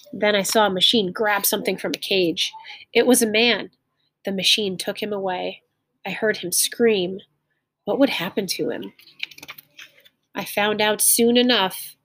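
A woman with a husky, breathy voice reads a simplified story aloud in a close, dry-sounding recording. She stops now and then to explain a phrase in plainer words. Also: medium pitch, fairly bright tone, no room sound.

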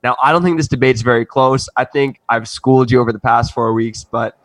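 A young man co-hosting a podcast, making his case in relaxed, casual banter. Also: medium pitch, a little fast, dry recording. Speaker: podcast co-host.

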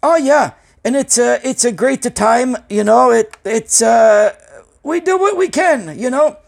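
A nervous, rambling business owner who mangles his English and swears freely, as a man puts him on. His voice rides high and bounces around. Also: expressive, a little slow, vocal fry, heavily acted. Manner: broken English, rambling, profane. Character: anxious, rambling immigrant male business owner.

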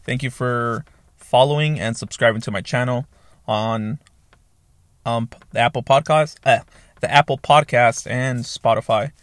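A man's voice: medium pitch, measured pace, fairly bright tone, no room sound, studio quality. A man in his thirties hosting a solo podcast from a small soundproofed home office on a new mic, talking in a rambling, casual way, swearing freely and correcting himself as he goes. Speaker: podcast host.

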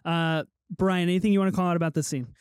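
A man's voice: high-pitched, steady tone, quick pace, smooth, dry recording, clean studio sound. A man hosting a podcast who steers the conversation, wry and teasing with his co-hosts. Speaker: podcast host. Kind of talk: casual chat.

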